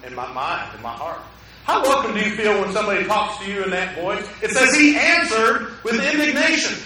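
High-voiced preacher in echoey church. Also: male voice, bright, forceful tone, a little hiss or hum. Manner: conversational, asks the congregation questions. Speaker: pastor. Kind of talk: sermon. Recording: echoey hall, mic at a distance.

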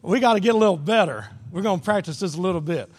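A man's voice: high-pitched, lively intonation, fast talker, big-room sound. A man preaching a sermon as pastor, with emphatic repetition of key phrases. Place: church sanctuary.

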